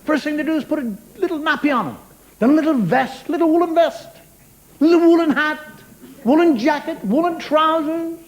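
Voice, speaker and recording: A man's voice: very high-pitched, moderate pace, low-quality recording. A man performing a wry, chatty stand-up monologue, talking straight to a live studio audience. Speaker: stand-up comedian.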